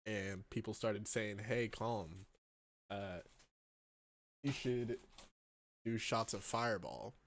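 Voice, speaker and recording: A man's voice: fairly low pitch, steady tone, slow pace, pauses often. A man co-hosting a podcast in casual chat, swearing often and laughing through his stories. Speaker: podcast co-host.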